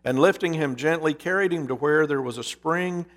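A man preaching a sermon and telling a parable in a measured way. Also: a little high, a bit bright. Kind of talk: sermon with storytelling.

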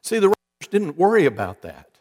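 A man delivers a sermon in a church sanctuary, spinning folksy jokes and wry asides for his congregation. His voice sits a little high, and it rings out with a long hall reverb. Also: big pitch swings, brisk, a little mellow, slightly rough. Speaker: preacher.

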